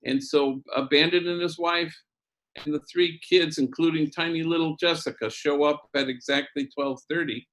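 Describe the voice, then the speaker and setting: A man who is a priest, telling a story in a talk with lively swings in pitch and loudness. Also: normal speed.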